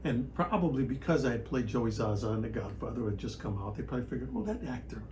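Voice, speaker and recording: A man who grew up around Chicago, an actor chatting as a podcast guest, telling stories in an animated way with bursts of loud excitement. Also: mid-range voice, quick pace, slight background noise, rough recording. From Chicago area, United States. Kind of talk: casual storytelling chat.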